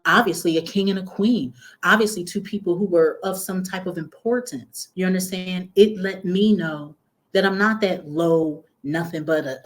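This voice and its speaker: A woman from North Philadelphia with a Philadelphia accent, telling her life story as a guest in a casual interview and acting out the voices of the people in it. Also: lowish voice. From North Philadelphia, USA. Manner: animated, acts out quoted voices, slangy.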